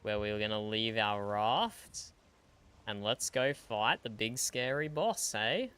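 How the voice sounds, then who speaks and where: A male game streamer talks at his desk mic in a bright, crisp voice sitting a little low. He keeps a dry, matter-of-fact tone and chuckles now and then. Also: takes it slowly. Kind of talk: casual gaming livestream chat.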